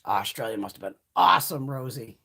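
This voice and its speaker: A woman's voice: a bass voice, animated, fairly quick, gravelly, bright, forceful tone, husky. A middle-aged woman hosting a beauty livestream, chatting casually with viewers and telling stories full of swearing and laughter. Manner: profane, laughing storyteller. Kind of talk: casual chat with live viewers.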